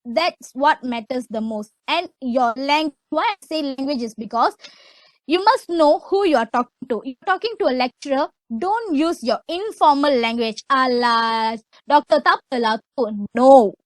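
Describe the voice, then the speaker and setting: A young woman with a Malaysian English accent, giving a loud, emphatic motivational webinar talk. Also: sits high, animated, moderate pace, dry recording, rough recording. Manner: loud, emphatic, repeats "okay". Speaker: webinar speaker.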